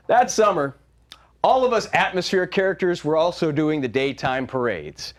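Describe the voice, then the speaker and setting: A man performing a wry, animated comic monologue as a solo storyteller. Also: on the high side, moderate pace, slight background noise.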